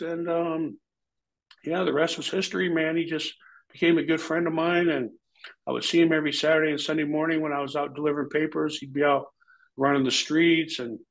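A man's voice: fairly high pitch, vocal fry, rough recording. A middle-aged man, a former pro wrestler, telling rambling, profane stories in an interview, acting out the voices of people he quotes. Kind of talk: casual anecdotal storytelling.

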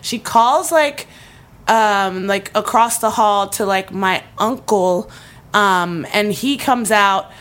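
A young woman spins a funny personal story in a loose, chatty way. She is animated and scatters likes and ums through her sentences. She keeps laughing at her own punchlines. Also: medium pitch, slow. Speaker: storyteller on a comedy podcast. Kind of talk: casual comedic storytelling.

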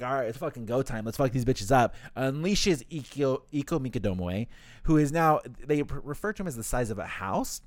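A man co-hosting a casual podcast, recapping a story with animated, swearing asides and quick character voices. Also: mid-range voice, no room sound. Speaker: podcast co-host.

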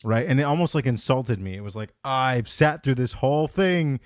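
A man's voice: mid-range voice, normal speed, no echo, clean studio sound. A man hosting a comedy podcast, ranting casually about a movie, swearing a lot and acting out his own thoughts. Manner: profane, animated, acts out his own thoughts in quotes. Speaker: podcast host.

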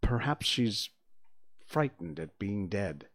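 A man voicing a boastful, hot-tempered boy leader in a storybook reading, speaking loudly in a high, declaiming voice. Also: very animated, takes it slowly. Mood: troubled.

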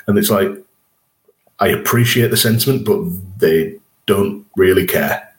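Unhurried and low-pitched, this man co-hosts a podcast, chatting loosely about an episode and frequently breaking into laughter.

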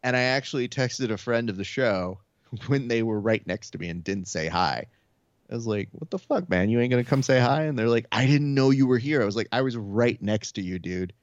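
A man with a lowish voice chats casually on a podcast. He tells profane stories and slips into quoted voices of friends. The audio sounds dry and dull. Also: moderate pace, no echo. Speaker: podcast co-host. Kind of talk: casual chat.

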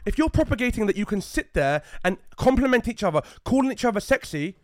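A man's voice: sits high, sing-song, fast talker, no room sound. A young man in a heated podcast debate, insistent and slangy, cutting in often. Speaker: podcast co-host.

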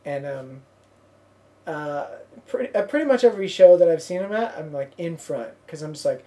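A woman's voice: sits low, lively intonation, normal speed, dark tone. A young woman hosting a podcast, chatting casually and telling rambling stories full of fillers and "like". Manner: rambling storyteller, lots of "like" and fillers. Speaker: podcast host. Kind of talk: casual chat.

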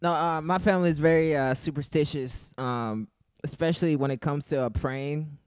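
A man's voice: on the high side, normal speed, clear, resonant tone. A man in casual chat, speaking hesitantly with many fillers.

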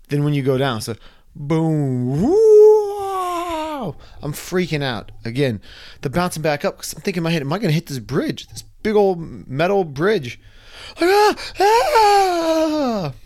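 A young man with a slightly high voice tells a wild story from his own life in a casual, animated way. He keeps acting out his own fear and panic as he goes. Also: moderate pace.

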